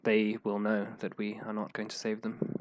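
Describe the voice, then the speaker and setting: Eston is a slight, quiet man, solemn and worn down, as played by a man in his own voice. His speech is measured and hesitant, sitting a little low in pitch, and it is recorded quite dry and close. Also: completely flat delivery, no room sound, close to an everyday voice. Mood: grave.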